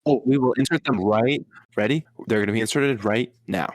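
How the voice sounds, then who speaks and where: A man co-hosting a casual podcast, upbeat and quick to chime in. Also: medium pitch, no echo, faint music behind. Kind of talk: casual chat.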